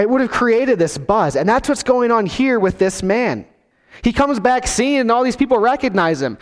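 A man's voice: extremely high pitch, very animated, moderate pace, big-room sound. A man preaching a sermon in a storytelling way, acting out scenes with different voices. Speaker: pastor.

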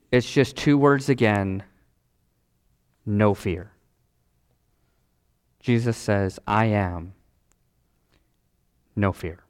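A middle-aged male pastor preaching a sermon dramatically, with long pauses and big swings in pitch. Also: clean tone.

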